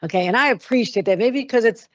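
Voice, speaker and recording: A woman's voice: fairly high pitch, fast, dull audio. A woman giving a formal public speech as a governor, speaking in an upbeat, praising way.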